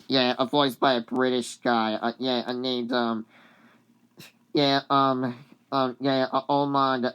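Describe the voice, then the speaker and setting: A woman's voice: extremely low pitch, clean tone. A woman vlogger casually recapping a cartoon, rambling with many fillers and giggles.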